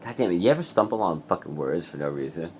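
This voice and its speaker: A vlogger with a very deep, low voice rambles loosely to camera, wired and restless, animated and talking fast. He swears constantly and keeps laughing, with a faint hiss beneath his voice.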